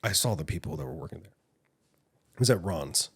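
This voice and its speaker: A man's voice: deep voice, lively intonation, brisk, husky. A man in his thirties co-hosting a casual podcast, chiming in with teasing jokes. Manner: teasing, jokey interjections. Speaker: podcast co-host. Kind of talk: casual chat.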